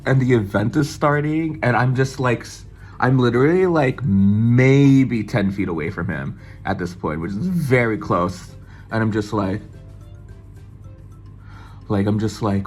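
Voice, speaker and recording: Male vlogger, casual storytelling, gushing and starstruck, slow unhurried delivery over soft music. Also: mid-range voice, expressive.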